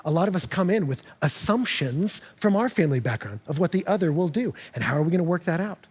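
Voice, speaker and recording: A man preaching a sermon as pastor, lively and humorous, acting out couples' voices. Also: on the high side, quick pace, breathy edge.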